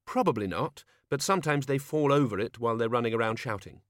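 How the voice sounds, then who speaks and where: A man's voice: mid-range voice, expressive, fast, no room sound, lightly acted. A man voicing a sensible young woman governess who speaks in a dry, wry way.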